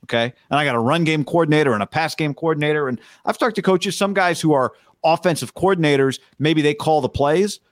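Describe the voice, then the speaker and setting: A man's voice: fairly high pitch, brisk, hardly any pauses, no echo. Man, casual sports podcast, dry close sound, tells stories and quotes coaches. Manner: loose storytelling, acts out coaches' quotes.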